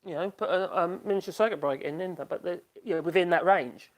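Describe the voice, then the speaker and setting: A man's voice: high voice, quick pace. Rambling, chatty Englishman hosting a live stream. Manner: rambling, chatty, trailing off mid-sentence. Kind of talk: casual live-stream chat.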